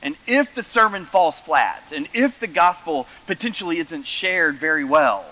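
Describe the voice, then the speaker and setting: A man preaching a sermon as pastor, telling stories with lively emphasis. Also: fairly high pitch, moderate pace, rough recording.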